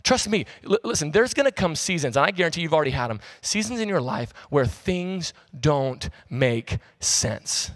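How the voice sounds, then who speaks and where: A man in his thirties preaches in a relaxed, conversational way, slipping into slang as he tells stories from the pulpit. His voice sits a little high for a man, and his delivery stays animated and casual. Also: normal speed, few pauses. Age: 30s. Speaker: pastor. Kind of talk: sermon.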